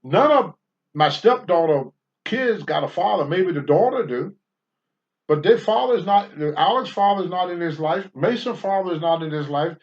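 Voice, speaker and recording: A man's voice: high voice, expressive, moderate pace, dull audio. An older man hosting a talk show, answering viewer questions in a blunt, preachy monologue and swearing freely.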